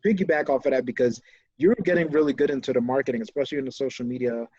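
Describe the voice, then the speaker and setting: A man co-hosting a casual business podcast, talking with enthusiasm and telling animated stories. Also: mid-range voice, racing, slightly rough, no room sound, lo-fi sound. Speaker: podcast co-host, business owner.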